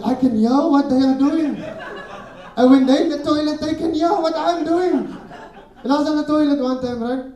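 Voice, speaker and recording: Young stand-up comic, echoey room. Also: male voice, high voice. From Cape Flats, South Africa. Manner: animated storytelling, tags lines with 'right?'. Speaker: stand-up comedian. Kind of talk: stand-up comedy set. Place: live comedy venue. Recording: echoey club, voice from far off.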